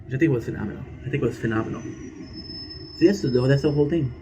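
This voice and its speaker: Talking rapid-fire at medium pitch over background noise, this male gaming streamer rambles through stories as he plays. He repeats his phrases and swears casually.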